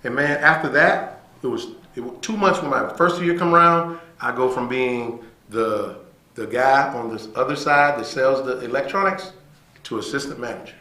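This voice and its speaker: A man's voice: mid-range voice, normal speed, roomy sound, rough recording. A man telling a story as a podcast guest, acting out the voices of people in it and often checking in with "right?". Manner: animated, acts out quoted voices, says "right?" often. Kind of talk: casual storytelling.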